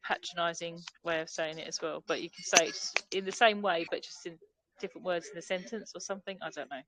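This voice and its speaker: A woman's voice: on the low side, steady tone, quick pace, a crowd in the background, rough recording. A woman with a London accent chatting and laughing on a group video call from a pub. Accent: London English. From England. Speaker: fellowship member.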